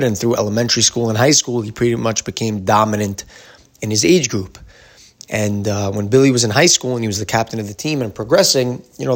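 Casual man telling a story. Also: on the low side. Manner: casual, lots of fillers. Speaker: teacher. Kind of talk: storytelling lesson.

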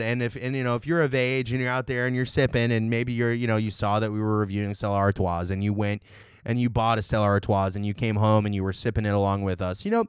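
Man with a smooth voice, deadpan rambling. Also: medium pitch, dry recording, studio quality. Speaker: podcast co-host. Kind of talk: casual comedic beer review chat.

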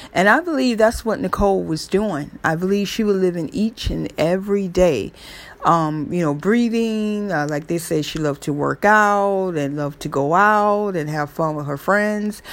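A woman casually retelling a story in a rambling, chatty way, with many fillers and restarts. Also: lowish voice. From New York area. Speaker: true crime vlogger.

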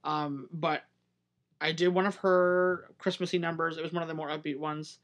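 A young man with a fairly high voice chatting casually on a podcast. He is animated and playful, slipping into silly put-on voices. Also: moderate pace. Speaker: podcast co-host, drag performer. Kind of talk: casual chat.

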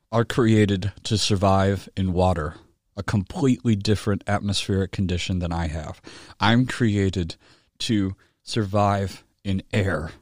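Low-voiced man preaching a Bible study. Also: no room sound, studio quality. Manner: conversational, with tag questions and gentle humor; rises in pitch and volume when reading a quoted book aloud. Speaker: pastor teaching a Bible study. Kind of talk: sermon.

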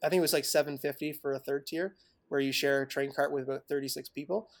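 A man's voice: fairly high pitch, steady tone, fast talker, gravelly, no echo, studio quality. A man telling travel stories as a guest on a podcast, chatty and loose, laughing often, with lots of fillers and restarts. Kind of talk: casual interview chat.

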